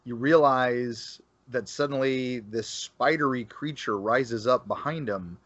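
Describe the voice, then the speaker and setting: A Florida man with a mid-range, fairly bright voice speaks slowly as a guest on a casual podcast. He rambles about local folklore with many fillers and restarts. The recording is dull, lo-fi, and dry.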